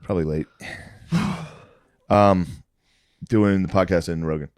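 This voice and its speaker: A man's voice: deep voice, measured pace, no echo, studio quality. A man in his thirties co-hosting a podcast in casual banter, animatedly telling stories and acting out the voices of the people he quotes. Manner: animated storyteller, acts out quotes. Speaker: podcast co-host.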